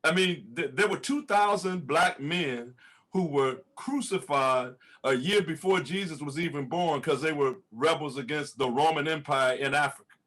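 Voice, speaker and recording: A man's voice: on the high side, normal speed, fairly bright tone. A man who is a pastor, speaking fervently on a panel, laughing often and repeating words when stirred. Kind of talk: impassioned panel testimony.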